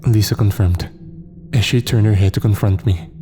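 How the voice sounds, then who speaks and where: A man narrating a first-person horror story in a measured, tense storytelling manner. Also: on the low side, fairly even intonation, warm tone, a little hiss or hum.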